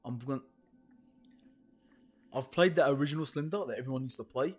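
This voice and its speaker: Young aussie guy scared stiff playing a horror game, husky, keeps swearing and stalling. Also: mid-range voice, brisk. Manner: nervous, swearing, rambling and hesitant. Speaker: gaming video host. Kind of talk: horror game let's play commentary. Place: home room, alone.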